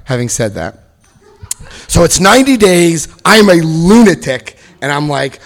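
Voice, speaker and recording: A middle-aged man giving a comic talk about his recovery, animated and breaking into loud acted-out quotes. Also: on the high side, unhurried. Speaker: speaker sharing his recovery story.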